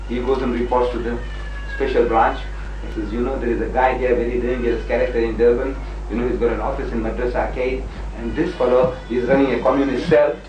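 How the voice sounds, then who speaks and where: A man's voice: mid-range voice, steady tone, fast talker, a little mellow, highs cut off. A man in a heated debate, telling stories animatedly, exclaiming and acting out what people said. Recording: echoey room, distant mic, faint hiss.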